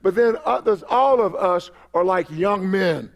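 A man's voice: high voice, a little slow, creaky, highs cut off. An older man preaching a sermon at a church service, often restarting and repeating his words as he builds to emphatic exhortations. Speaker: pastor.

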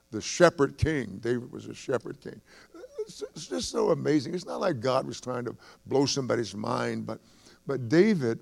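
Gravelly-voiced man preaching a sermon. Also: a little mellow. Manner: repeats phrases, rising to fervent high emphasis. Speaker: pastor. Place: church sanctuary.

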